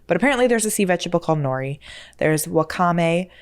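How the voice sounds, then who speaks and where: A woman's voice: on the low side, animated, racing, clean tone. A woman hosting a casual solo podcast, chatty and self-deprecating, who stumbles over words and laughs at herself. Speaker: podcast host.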